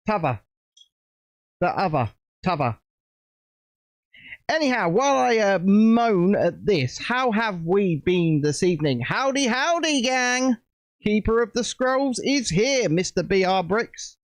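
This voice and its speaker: A man's voice: high voice, sing-song, unhurried, no room sound. A British man hosting a casual livestream, chatting and rambling while building a set at home. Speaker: livestream host.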